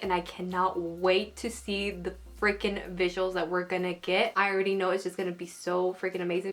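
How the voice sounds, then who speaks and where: A young woman talking casually to her viewers, gushing and rambling with lots of fillers as she shares her excitement. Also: medium pitch. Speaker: anime vlogger. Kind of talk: casual fan commentary vlog.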